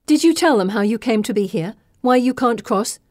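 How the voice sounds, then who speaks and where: A woman's voice: on the high side, animated, moderate pace, a little mellow, no echo, clean studio sound, voice pushed up, natural voice. An urgent, pleading young heroine, read by a woman. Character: earnest, alarmed teenage girl heroine.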